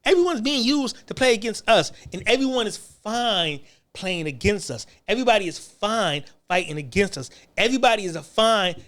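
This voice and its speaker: A man's voice: high-pitched, expressive, moderate pace, a bit bright. An American man delivering a profane, taunting monologue rant to the camera, laughing mockingly and stammering through repeated restarts. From United States. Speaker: online commentator.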